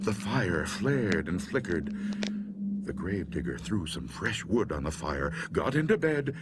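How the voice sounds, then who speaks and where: A man reading a spooky story aloud in a slow, hushed, dramatic way. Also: deep voice, sing-song, heavy background noise. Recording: loud music underneath.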